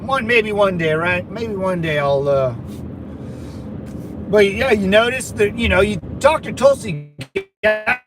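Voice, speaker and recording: A man's voice: sits high, a little slow, pauses often, music in the background, rough recording. A middle-aged man hosting a casual livestream, chatting loosely and reading viewer comments. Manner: loose, rambling, slangy, calls viewers brother. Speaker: livestream host.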